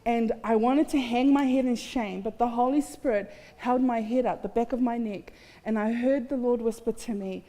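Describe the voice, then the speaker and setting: Her warm voice is a little high and moves at a normal pace as she gives heartfelt, candid testimony, poking fun at herself now and then. She is a guest speaker at a festival, standing on stage in a large hall, and the sound carries a long reverb.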